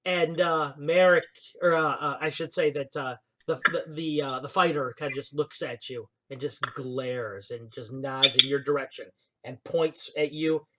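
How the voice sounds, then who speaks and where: A man's voice: fairly high pitch, sharp tone. A man narrating as game master of a tabletop game, restarting his sentences often. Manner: halting narration with many restarts, laughs often. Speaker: dungeon master.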